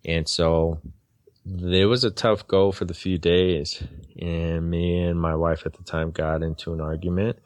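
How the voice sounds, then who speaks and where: A man in his forties, a podcast guest, telling a personal story in a halting, earnest way that often repeats and restarts words. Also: sits low, little pitch movement, no echo.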